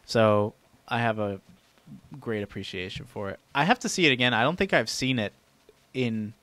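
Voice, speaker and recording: A man's voice: on the low side, expressive, pushed and bright, dry recording. Laughing casual male podcast host. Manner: quick, laughing, banters with guests. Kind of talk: casual chat.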